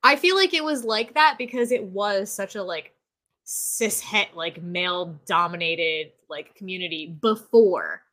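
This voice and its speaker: A woman in casual podcast chat, talking in an animated rant and saying "like" constantly. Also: mid-range voice, measured pace. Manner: animated ranting, heavy use of "like".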